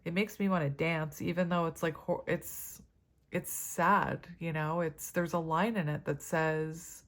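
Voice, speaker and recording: A woman's voice: low voice, fairly even intonation, measured pace, fairly bright tone. Chatty woman giving a tarot reading. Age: adult parent. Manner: chatty and rambling, many fillers and asides. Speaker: tarot reader.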